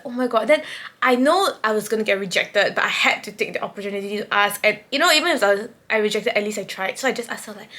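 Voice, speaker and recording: A woman's voice: mid-range voice, sharp tone. A young woman from Singapore with a Singaporean English accent tells a rambling, breathless storytime vlog, swearing, laughing and dropping to a whisper as she relives the moment. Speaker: vlogger.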